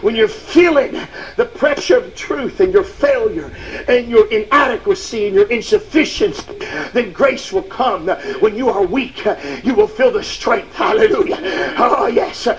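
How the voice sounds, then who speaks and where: A man preaching a sermon with impassioned emphasis, often pushing his voice to a shout and dropping "uh" between phrases. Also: high-pitched, measured pace, rough recording. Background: faint congregation responses.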